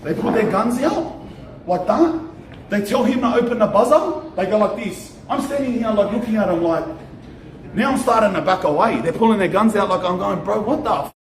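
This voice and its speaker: A young Australian man tells a story on a vlog outside a shop, animated and slangy, swearing and repeating himself. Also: sits high, moderate pace. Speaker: streamer. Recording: echoey with faint ambient noise.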